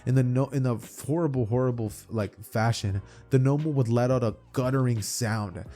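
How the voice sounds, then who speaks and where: A man's voice: medium pitch, moderate pace, dark tone. A man telling an imagined fan story in a loose, run-on way, often restarting his phrases. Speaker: narrator. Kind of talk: casual fan-fiction storytelling.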